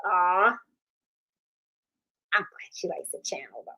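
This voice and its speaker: A woman's voice: lowish voice, lively intonation, slow pace, pushed and bright, low-quality recording. A middle-aged woman hosting a crafts channel, chatting casually on a live stream and rambling with lots of "you know" and "okay?". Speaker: host of a sewing and embroidery channel.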